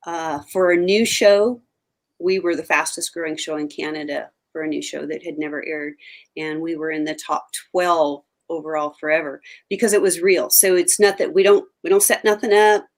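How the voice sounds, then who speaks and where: Older woman, TV hunting co-host, low-ish pitch, emphatic and chatty. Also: steady tone, normal speed. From Oregon. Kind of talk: casual interview talk.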